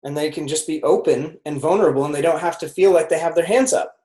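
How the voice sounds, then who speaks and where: A man's voice: on the high side, fast talker, warm tone, reverberant. A man coaching on a team call, talking casually with lots of fillers and acted-out bits of dialogue. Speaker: sales coach.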